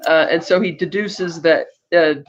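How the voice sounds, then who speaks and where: A man's voice: a little high, fairly even intonation, unhurried. Rambling male podcast host, lo-fi audio. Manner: rambling, many fillers and restarts; acts out character quotes. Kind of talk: casual film recap.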